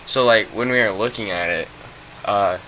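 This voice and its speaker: Bright-voiced young man rambling through a story. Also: fairly low pitch, normal speed, slight background noise. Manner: rambling, profane, full of fillers. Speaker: vlogger telling a story. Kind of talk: casual storytime.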